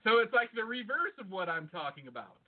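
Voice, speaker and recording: A man with a high, animated voice co-hosts a podcast, excitable and quick to spin odd theories, with plenty of swearing. The sound is thin and phone-like. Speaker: podcast co-host. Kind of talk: casual chat.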